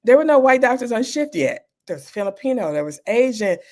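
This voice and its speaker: A woman's voice: fairly high pitch, very animated, a little fast, darkish tone. A middle-aged woman doctor, a guest in an interview, telling personal stories candidly and acting out the people she quotes.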